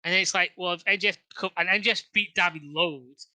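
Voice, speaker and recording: On a casual wrestling podcast, a high-pitched co-host talks fast with a sharp tone and fairly even intonation, with no room sound. He rambles and keeps restarting sentences, leaning on fillers and swearing a lot.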